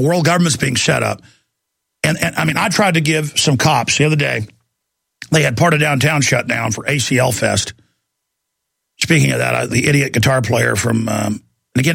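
A man hosting a talk radio show, ranting in a rambling, animated way. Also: on the high side, creaky, husky, no echo. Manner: animated, rambling, acts out quoted voices. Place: radio studio.

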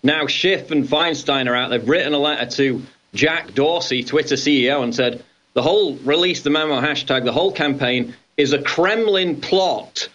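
Male co-host, mid-range, steady and explanatory, muffled lo-fi audio. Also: a little high, moderate pace. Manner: steady, explanatory, reading out quotes. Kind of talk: political talk show discussion. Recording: dull lo-fi line.

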